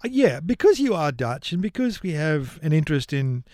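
A man co-hosting a casual community radio chat, teasing and quick to laugh. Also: a little high, sing-song, a little mellow, no echo, clean studio sound. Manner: chatty, teasing, laughs easily. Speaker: radio show co-host.

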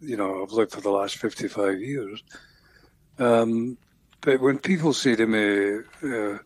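An older man with a Scottish accent, his voice low and husky, speaking slowly and thoughtfully. He pauses often, restarts his sentences and fills gaps with ums. The recording is close and dry, with no room sound. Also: dry recording. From Scotland. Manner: reflective, unhurried, many ums and restarts. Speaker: guest songwriter. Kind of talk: radio interview.

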